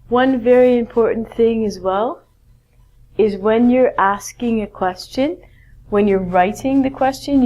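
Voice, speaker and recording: Speaking slowly with a medium, slightly mellow voice, this woman leads a clear English grammar lesson. Her manner is patient and encouraging, and she draws out her words.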